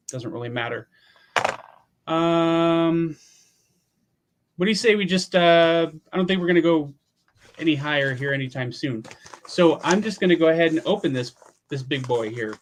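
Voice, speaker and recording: A man's voice: on the high side, slight background noise. A man around fifty from Pennsylvania, hosting a casual livestream at home and chatting in a laid-back way that includes casual swearing. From Pennsylvania, USA. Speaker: livestream host.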